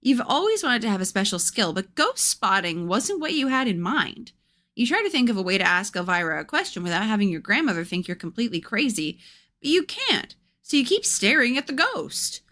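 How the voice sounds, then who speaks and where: With a fairly high, sing-song voice and a sharp tone, a young woman speaks fairly quickly on her livestream. She chats playfully, reads a spooky kids' book out loud, and pauses to coo at her cats.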